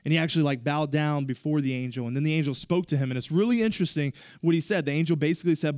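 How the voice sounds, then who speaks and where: A man preaching a sermon, retelling a scripture story in a casual, animated way with fillers and asides to the congregation. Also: a little high, very fast, hardly any pauses, no echo, studio quality. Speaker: pastor.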